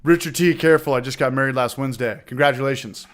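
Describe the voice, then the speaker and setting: A man hosting a laid-back livestream, talking in a smooth, resonant voice at an everyday middle pitch. He chats loosely and swears freely, repeating phrases and giving shout-outs. Now and then a smoker's cough breaks through. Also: quick pace. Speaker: livestream host of a homebrewing channel. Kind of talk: casual livestream chat, reading out viewer comments.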